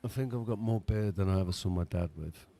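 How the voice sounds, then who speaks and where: An Englishman co-hosting a casual live-stream chat, telling relaxed, friendly stories. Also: deep voice, fast. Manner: relaxed storytelling, friendly, says man.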